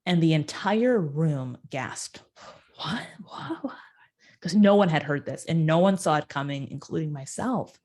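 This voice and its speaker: Woman, storytelling guest, lowish voice, animated, jumps in pitch on quoted lines. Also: normal speed, hardly any pauses. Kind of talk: personal storytelling in an interview.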